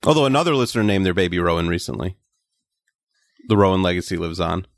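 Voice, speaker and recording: A man with a low, gravelly voice hosts a casual podcast chat. He rambles and hesitates, teasing as he goes. The sound is dry and close. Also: expressive, fast talker, dry recording. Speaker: podcast host.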